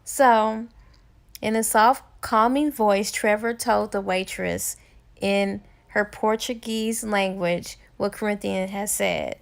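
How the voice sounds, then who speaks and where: A woman's voice: medium pitch, steady tone, takes it slowly, creaky. A woman giving a casual book recap, chatty and full of fillers. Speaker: book reviewer.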